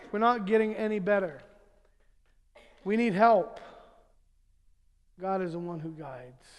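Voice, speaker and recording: High-voiced preacher in a reverberant hall. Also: male voice, smooth. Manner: chuckles through his own jokes, then turns earnest. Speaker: pastor. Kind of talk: sermon with humorous family stories. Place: church sanctuary. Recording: long church hall reverb.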